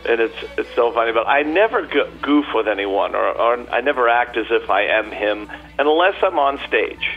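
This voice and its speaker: A man's voice: mid-range voice, animated, moderate pace, phone-quality sound, soft background music. A man guest on a radio interview, a chatty storyteller with many fillers and restarts. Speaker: tribute performer guest.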